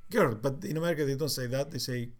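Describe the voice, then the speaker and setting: Older Cypriot-accented man, mid-pitched, halting storyteller full of ums and restarts. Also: fairly even intonation, darkish tone. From Cyprus. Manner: halting, with many fillers and restarts. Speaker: interviewee. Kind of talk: reflective storytelling.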